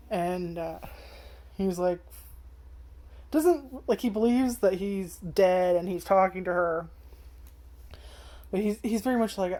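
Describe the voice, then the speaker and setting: A woman's voice: mid-range voice, unhurried, long pauses, dark tone. A young woman ranting casually about an anime's first episode, swearing a lot and filling her talk with "like" and "um". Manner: chatty and profane, with many fillers. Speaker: anime reviewer. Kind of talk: casual first-impressions rant.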